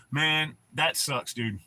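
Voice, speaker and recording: Male streamer, casual host; bright, husky tone, rambling and profane. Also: a little high. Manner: rambling, laid-back, swears often. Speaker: livestream host. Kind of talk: casual livestream chat.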